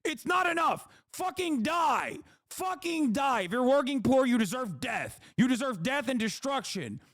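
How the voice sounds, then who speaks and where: A man's voice: very high voice, big pitch swings, measured pace, a bit bright, no room sound, studio quality, pitched above the performer's own voice, full character voice. A man voicing a greedy male corporate executive who rants and screams about profits. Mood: furious. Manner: ranting, screaming demands.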